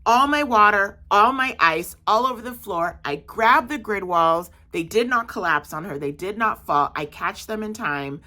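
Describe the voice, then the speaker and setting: A young adult woman telling a casual, animated story about her day as a market vendor, with frequent fillers. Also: medium pitch, normal speed, hardly any pauses.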